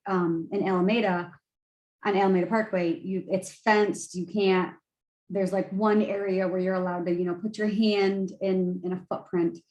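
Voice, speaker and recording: Tired, chatty woman lecturer in echoey room. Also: mid-range voice. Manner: chatty, loose, full of fillers and restarts. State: tired, yawning. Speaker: college instructor. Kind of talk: casual screen-share lecture.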